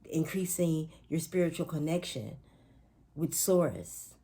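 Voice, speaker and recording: A woman's voice: low-pitched, animated, takes it slowly, warm tone. A woman talking casually to viewers in a spiritual pep talk, chatty and emphatic, with playful asides and speech. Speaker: astrology and spiritual reader.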